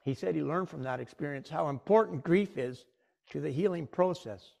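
A middle-aged man pastor preaching a sermon, retelling scripture dramatically with big swings in pitch and careful pauses. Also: creaky, warm tone.

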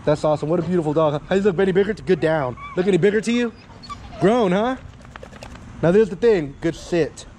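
A man's voice: high voice, fairly quick, mellow, slight background noise, rough recording. Talkative male dog trainer outdoors. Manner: talkative coaching, keeps checking in with "yeah?" and "okay?", swears casually. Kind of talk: explaining a training session to a dog owner. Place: outdoors by a parking area with cars.

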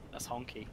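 Exclaiming man with a very animated voice. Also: very high-pitched, noisy background. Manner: exclaiming, swears, laughs loudly. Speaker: friend on a game stream. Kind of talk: casual gaming banter.

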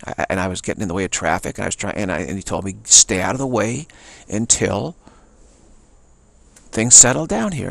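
A man from the United States speaks in a deeply gravelly, husky voice, repeating himself for emphasis and restarting sentences often. The sound is dry and close, with almost no room echo. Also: a bit bright. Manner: repetitive, emphatic, many restarts. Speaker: speaker sharing personal views. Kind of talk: rambling spoken monologue.

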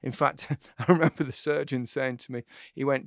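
A middle-aged man co-hosting a sports podcast, recounting a story in a relaxed, self-mocking way. His voice has a gravelly, creaky edge, and it is recorded close up in a dry, dead room. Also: medium pitch, fairly quick, no room sound. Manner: chatty and self-mocking, laughs while telling a story. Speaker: podcast co-host, former footballer. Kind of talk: casual anecdote-telling chat.

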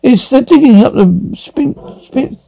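A man's voice: very high voice, a little slow, creaky, warm tone, full character voice, poor audio. An actor playing a crude, blunt Glaswegian man in his fifties in a TV sitcom, talking in a coarse, brash way. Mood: grumbling. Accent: Glaswegian Scottish. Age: 50s. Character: crude, blunt middle-aged Glasgow man. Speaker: sitcom lead. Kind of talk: scripted TV sitcom acting.

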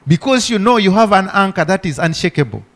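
A man's voice: high voice, lively intonation, fast, fairly bright tone. A middle-aged male pastor preaching a sermon. He asks the congregation rhetorical questions and punctuates his points with repeated hallelujahs.

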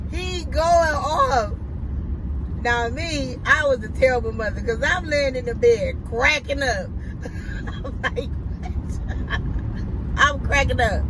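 A woman, a mother and vlogger, telling a funny family story in a casual, slangy, animated way and reviewing food. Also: sits high, measured pace, background noise.

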